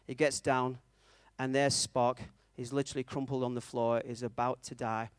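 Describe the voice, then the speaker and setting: A man's voice: mid-range voice, flat delivery, normal speed, few pauses, smooth, no room sound. A man preaching a conversational sermon, telling a story and checking in with his audience, with a self-mocking manner.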